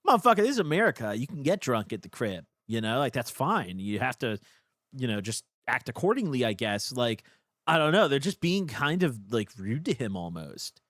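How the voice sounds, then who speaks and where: A male streamer reacts to a clip in loose, rambling talk, his pitch bouncing up and down a lot. The sound is close and dry. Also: sing-song, normal speed, a bit bright, no echo. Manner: rambling, full of "like". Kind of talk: casual reaction commentary.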